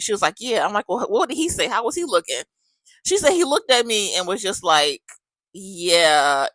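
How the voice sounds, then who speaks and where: A woman's voice: mid-range voice, a bit bright, no echo, rough recording. A woman podcast host, telling a friend's story in casual chat and acting out both sides of the conversation.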